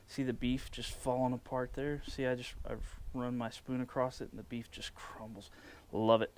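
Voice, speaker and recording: A man's voice: medium pitch, moderate pace, slight background noise. Easygoing man hosting a cooking vlog. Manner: enthusiastic, relaxed, filler-heavy. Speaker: barbecue cooking channel host. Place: outdoors at a smoker.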